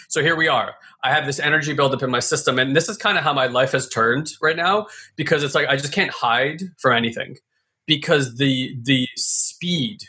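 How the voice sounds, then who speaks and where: A man's voice: medium pitch, bright, forceful tone. A man casually telling a reflective personal story with lots of fillers and restarts. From California.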